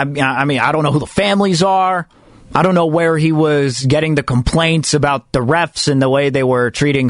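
A man's voice: fairly high pitch, fairly bright tone, no echo, clean studio sound. A man hosting a sports radio show, talking through listener comments in a chatty, rambling way with frequent restarts. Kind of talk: sports talk show monologue.

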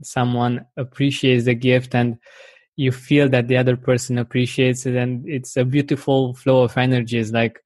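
A man hosts a podcast, speaking in a steady, flat tone. He agrees warmly with points and gropes for words, with pauses and fillers as he builds his thought. The recording is dry and close. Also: mid-range voice, no echo. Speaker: podcast host. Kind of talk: conversational interview.

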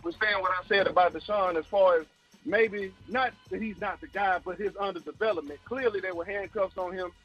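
Calling into a sports talk show, this man is out of breath and argues emphatically, his high voice moving fairly quickly. Faint music plays behind him, and the phone-line audio is dull and lo-fi.

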